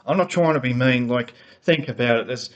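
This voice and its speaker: A man's voice: mid-range voice, a little fast, lo-fi sound. A man delivers a heated, unscripted fan rant straight into a laptop's built-in mic. He talks in a mid-range voice, rambles, stumbles over restarts and keeps repeating himself as he works himself up. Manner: heated, rambling, repeats words and restarts, grows more worked up. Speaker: motorsport fan vlogger.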